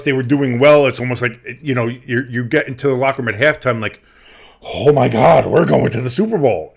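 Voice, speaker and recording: Man co-host, casual sports pod, rambly, excitable, mid pitch. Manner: rambling, excitable, swears freely. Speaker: podcast co-host. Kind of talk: casual sports podcast chat.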